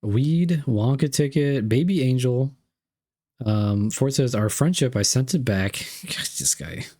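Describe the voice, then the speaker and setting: A man's voice: mid-range voice, unhurried, mellow. A young man streaming live, reading chat messages aloud and unboxing gifts, playful and repeating himself.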